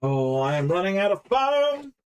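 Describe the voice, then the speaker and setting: A woman's voice: mid-range voice, big pitch swings, moderate pace, darkish tone, clean tone. A woman making a costume helmet, muttering to herself as she works, wry and self-deprecating. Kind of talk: casual crafting vlog.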